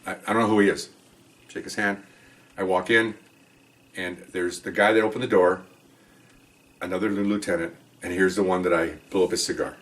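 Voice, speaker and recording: A man's voice: sits low, steady tone, fairly quick, pauses often, fairly bright tone, far from the mic. A man, a former police officer, telling a story from his career in a casual first-person way, acting out the dialogue and swearing offhand. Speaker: retired police officer telling stories on a podcast.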